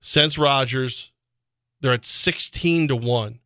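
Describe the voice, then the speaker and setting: Bright, chatty sports radio host man. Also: mid-range voice, slow, no echo. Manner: chatty, laughing, loose asides. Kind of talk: casual sports radio talk. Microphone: studio microphone.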